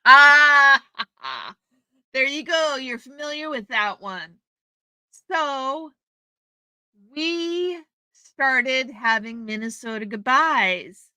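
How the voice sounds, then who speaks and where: Slow-talking bright-voiced woman stream host. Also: sits high, expressive, clear, resonant tone, no room sound. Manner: chatty and welcoming, addresses viewers by name. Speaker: livestream host. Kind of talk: casual chat reading out viewer comments. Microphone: streaming setup microphone.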